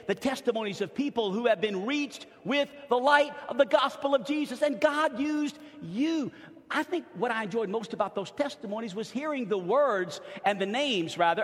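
A pastor from New Orleans preaching a sermon in a church, emphatic, swinging from loud to hushed. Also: male voice, very high voice. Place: church sanctuary. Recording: long hall reverb.

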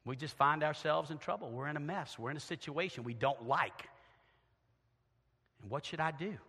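A middle-aged man preaching a sermon as pastor in a church, moving from quiet, intimate asides to loud, shouted emphasis. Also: a little high, moderate pace, breathy edge. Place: church sanctuary. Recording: long church reverb.

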